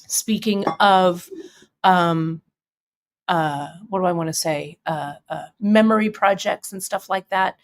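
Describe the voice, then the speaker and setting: A woman's voice: on the low side, slow pace. A woman hosting a craft shop live stream, chatting casually with viewers, a little teary and sniffling, with lots of fillers and restarts. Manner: chatty and emotional, tearing up, many fillers.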